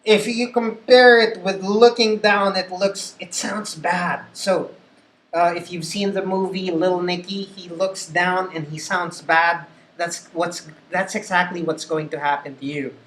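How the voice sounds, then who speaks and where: A man's voice: high voice, fairly even intonation, measured pace, hardly any pauses, a bit bright. A man with a Filipino accent, a call center trainer who gives patient instruction and repeats his key points. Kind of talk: instructional talk. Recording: echoey room.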